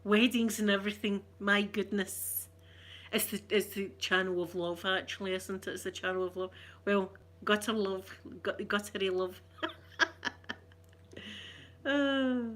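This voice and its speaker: A Scottish woman talking to her viewers in a loose, rambling livestream chat. Her voice sits at a middling pitch, and she teases herself as she goes. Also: a little slow, a bit bright. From Scotland. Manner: rambling, chatty and self-teasing. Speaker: ASMR streamer chatting with viewers.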